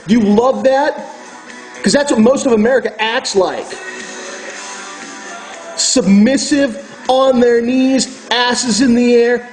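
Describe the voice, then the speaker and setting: A man with a notably high voice delivers a slow, deliberate rant, swearing freely as he preaches to his viewers. His tone stays furious and hard-edged throughout. Faint music plays in the background. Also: a little mellow, low-quality recording. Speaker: occult video host. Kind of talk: angry ranting monologue.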